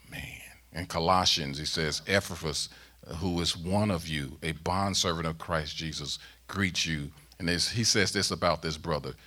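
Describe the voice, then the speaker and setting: Deep-voiced male preacher. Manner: preaching with rising emphatic bursts, then soft closing prayer. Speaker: guest preacher. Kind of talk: sermon.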